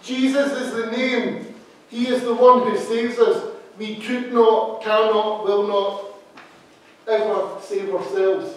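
A man preaching with a high voice, set back from the microphone. His words ring through a very echoey church hall, and he repeats key phrases with emphasis. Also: fairly even intonation, slow pace. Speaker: associate minister. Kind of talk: sermon. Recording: very echoey hall, speaker far from mic.

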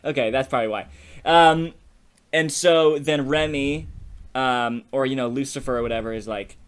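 A man co-hosting a podcast in a loose, animated brainstorming chat. His voice sits at an ordinary middle pitch, and he laughs often as he rushes through ideas, checking in with his partner as he goes. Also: smooth. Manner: animated, laughs often, keeps saying "you know what I mean". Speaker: podcast co-host. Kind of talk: casual creative brainstorming chat.

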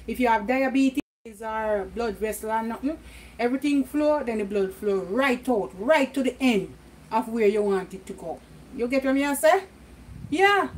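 A woman's voice: high-pitched, darkish tone, a little hiss or hum, low-quality recording. A middle-aged Jamaican woman vlogging casually at home, chatty, laughing often and slipping into patois. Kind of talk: casual home vlog chat.

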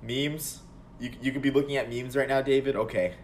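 A young man streaming a football video game live, calmly calling plays between excited outbursts. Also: mid-range voice, fairly quick, a little hiss or hum. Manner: excitable, swings between calm play-calling and loud outbursts. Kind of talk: live gameplay commentary.

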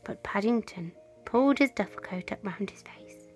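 A woman reading a children's story aloud at bedtime, soft and often close to a whisper. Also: mid-range voice, moderate pace, soft background music.

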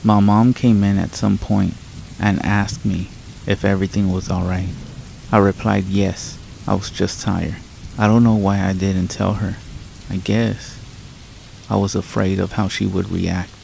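A man with a low, heavily gravelly voice reads horror stories in a calm, measured way. Soft rain and distant thunder run faintly behind him. His telling is steady and unhurried. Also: a little hiss or hum. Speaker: horror story narrator. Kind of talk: scripted horror narration. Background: rain and thunder ambience.

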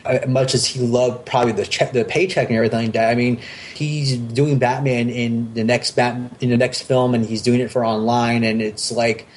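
A man's voice: medium pitch, level tone, normal speed, a little hiss or hum. A man talking casually on a podcast, enthusiastic and rambling, with many restarts and fillers. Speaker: podcast host.

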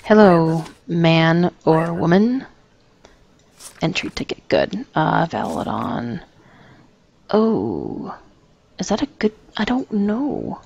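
A woman's voice: on the low side, big pitch swings, takes it slowly, creaky, pauses often, a little mellow, slightly rough. A woman giving flustered, self-mocking let's play commentary and talking back to the game characters. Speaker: gamer. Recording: noisy home recording.

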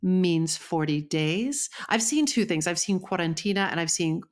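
A woman with a somewhat low voice co-hosts a podcast in relaxed chat. She is playful and loose, wandering off on tangents and cursing freely. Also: moderate pace. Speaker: podcast co-host.

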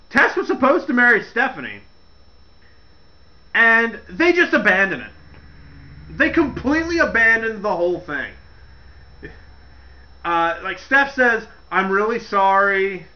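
A man hosting a casual comedic rant, laughing as he retells events in an animated way. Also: very high voice, dull audio. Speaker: wrestling commentary host.

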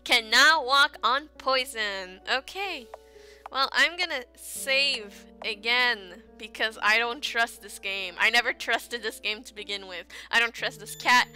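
A woman's voice: fairly high pitch, bright, forceful tone, clear, resonant tone. A woman playing a horror game and commenting casually, muttering to herself and reacting with exasperation. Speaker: let's play gamer.

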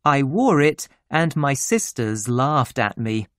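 A narrator reading a children's memoir story slowly and clearly for English learners. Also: medium pitch, big pitch swings, fairly bright tone, no room sound, clean studio sound. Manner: slow, clear and deliberate. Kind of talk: slow graded-reader storytelling for English learners.

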